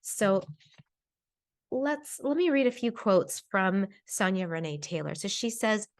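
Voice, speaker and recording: A woman's voice: mid-range voice, sing-song, unhurried. A woman herbal teacher giving an informal lesson, talking conversationally and reflectively with frequent fillers and restarts.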